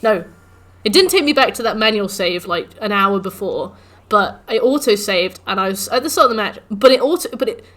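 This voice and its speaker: A woman's voice: medium pitch, expressive, brisk, hardly any pauses, a bit bright. A young woman streaming a game, chatting casually and ranting with swearing as she mimics the game's taunts. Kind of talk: casual livestream chat while gaming.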